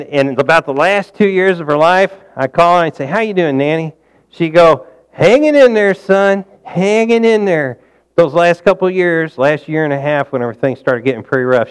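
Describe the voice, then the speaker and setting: A male preacher with a smooth tenor voice gives a folksy, conversational sermon, drawing in the audience with questions. For emphasis he rises loud and high, and for asides he drops low and quiet.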